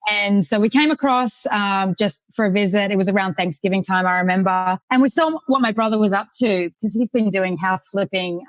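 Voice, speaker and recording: A woman's voice: mid-range voice, a little fast, hardly any pauses, no room sound. A woman in her thirties from Sydney with an Australian accent, a podcast guest talking casually and laughing easily as she tells her story. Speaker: guest, real estate investor. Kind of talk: casual interview conversation.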